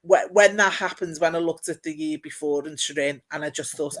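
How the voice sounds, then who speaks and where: A middle-aged woman, a guest in casual conversation, telling stories in an animated way and acting out what others said. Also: deep voice, fairly quick. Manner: animated storyteller, acts out quoted dialogue, laughs often. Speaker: guest, former city mayor. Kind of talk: casual chat.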